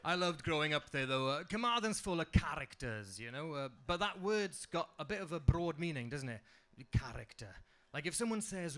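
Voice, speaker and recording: A man's voice: on the high side, expressive, brisk, few pauses, fairly bright tone. A young man with a strong Welsh accent performing a stand-up comedy set on a club stage, delivering punchlines dryly. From Wales.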